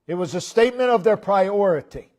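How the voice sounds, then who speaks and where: A man preaching a sermon in a church, repeating key phrases with emphasis and letting his line endings fall low and soft. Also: expressive, fairly quick.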